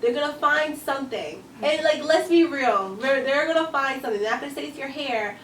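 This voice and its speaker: A woman's voice: high voice, brisk. A woman on a podcast chatting casually and acting out quoted voices as she tells stories. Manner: animated storyteller, acts out quotes. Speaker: podcast co-host. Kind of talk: casual chat. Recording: roomy, distant mic with faint noise.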